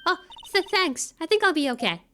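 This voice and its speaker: A woman's voice: extremely high pitch, very animated, brisk, bright, forceful tone, slight background noise, pitched above the performer's own voice, full character voice. A woman voicing a shy, flustered young female sidekick, hesitant and stammering. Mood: timid.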